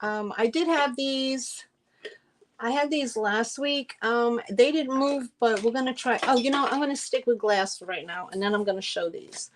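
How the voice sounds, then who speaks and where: At a moderate pace and fairly high pitch, a middle-aged woman hosts a live-stream sale. She chats effusively with the audience, with her talk riddled with fillers and restarts.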